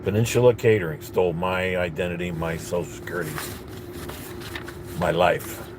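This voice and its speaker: A man's voice: sits low, moderate pace, background noise. A man ranting bitterly in a casual monologue, rambling with restarts and coughing at times. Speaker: vlogger.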